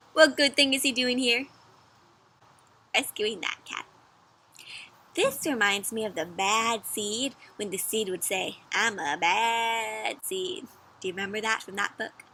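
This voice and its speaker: A woman reading a picture book aloud to children in a teacherly way, pausing often to ask them questions. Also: fairly high pitch, sharp tone, breathy edge. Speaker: children's story reader. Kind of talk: interactive read-aloud for kids.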